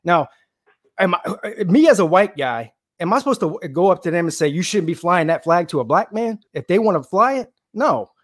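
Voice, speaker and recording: Fast-talking emphatic man. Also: sits high, expressive, no room sound, studio quality. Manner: rapid, emphatic talker. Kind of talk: casual chat.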